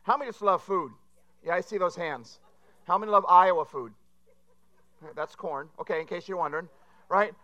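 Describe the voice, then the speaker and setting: A man's voice: sits high, moderate pace, long pauses, pushed and bright, dull audio. A man preaching a sermon, telling rambling, self-deprecating jokes to a congregation. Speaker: pastor. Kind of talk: humorous sermon.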